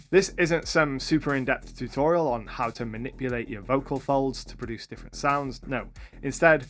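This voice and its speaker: A man hosting a tutorial for game masters, talking to camera with upbeat, lively energy. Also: medium pitch. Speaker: YouTube host and game master.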